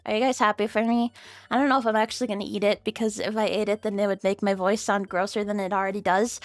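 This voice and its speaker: A young adult woman streaming, chatting casually with viewers, rambling and giggly, swearing freely and jumping into squeaky high bits. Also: flat delivery, quick pace, no room sound, soft background music.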